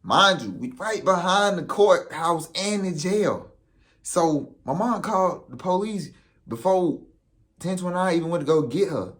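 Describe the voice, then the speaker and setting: This young vlogger has a high-pitched voice and talks a little slowly while telling a casual story. He acts out quotes with animation and uses profane street slang throughout.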